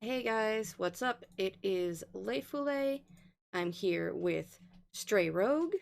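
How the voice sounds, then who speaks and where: A woman's voice: medium pitch, lively intonation, takes it slowly, vocal fry. A woman hosting a livestream, casually recapping the story so far with lots of ums and laughs. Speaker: stream host recapping a game. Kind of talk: casual let's play chat.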